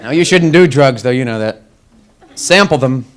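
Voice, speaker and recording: A man's voice: mid-range voice, expressive, moderate pace, noisy background. A young man doing a stand-up comedy set on a club stage, wry and mocking, slipping into quoted voices.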